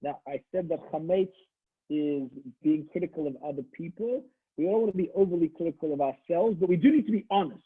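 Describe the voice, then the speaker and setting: A man's voice: a little high, brisk, slightly rough. A man, a rabbi, giving a holiday sermon in a conversational, storytelling way, often restarting his sentences. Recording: tinny phone-like audio.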